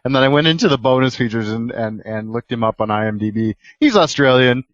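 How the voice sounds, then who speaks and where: A man's voice: mid-range voice, quick pace, no room sound, highs cut off. A man co-hosting a podcast, joking and laughing in casual chat. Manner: jokey, laughs often. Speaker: podcast co-host.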